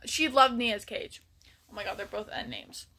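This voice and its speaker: Bright sharp-voiced woman vlogging, rambly storyteller, um-heavy, slips into whispers. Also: medium pitch, normal speed. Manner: rambling, full of ums and restarts, drops to a near whisper at times. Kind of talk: casual storytelling.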